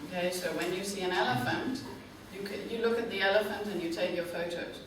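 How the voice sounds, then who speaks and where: A woman giving a guest lecture to students, speaking slowly and clearly and often checking in with "okay?". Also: medium pitch, fairly even intonation. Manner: slow, clear teaching talk, checks in with frequent "okay?". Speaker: tour operator director giving a guest lecture. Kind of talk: classroom presentation to students. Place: university classroom. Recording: echoey classroom, distant mic, faint noise.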